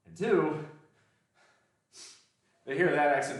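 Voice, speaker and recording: A man narrates his own gym session in casual, profane banter, counting reps and grunting through each set. His voice sits well back from the mic in a heavily echoing gym. The talk is loose, joking and breathy from effort. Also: medium pitch, lively intonation, a little slow, long pauses. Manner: counting reps out loud, swearing and grunting between sets. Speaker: fitness vlogger. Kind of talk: casual workout commentary. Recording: very echoey, from far off the mic.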